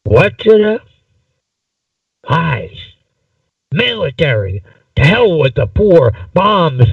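A man voicing an agitated male prisoner who rambles in a sarcastic, jumpy way in a much higher voice. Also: very animated, very slow, gravelly, slightly rough, dry recording, far from the mic, lo-fi sound, full character voice. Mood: bitter.

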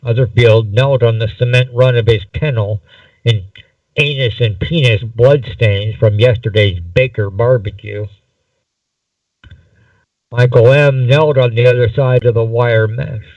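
A man reading a story aloud slowly and deliberately, in a dull, distant amateur recording. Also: mid-range voice, darkish tone, dry recording. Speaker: narrator.

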